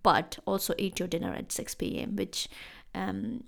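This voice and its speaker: A woman's voice: lowish voice, sing-song, moderate pace, gravelly. A young woman from India, hosting a casual podcast monologue and acting out bits of dialogue. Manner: chatty, acts out quoted dialogue with laughing asides. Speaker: podcast host.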